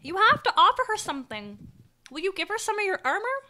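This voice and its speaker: Woman voices eager young boy in a tabletop game, high and animated, pleading tone. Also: quick pace, heavily acted. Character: young human boy, anxious and eager to help.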